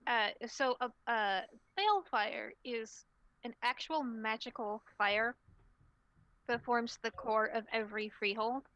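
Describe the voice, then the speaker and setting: A woman running a tabletop game as storyteller, narrating haltingly with many fillers. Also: fairly high pitch, a bit bright, no echo, muffled recording.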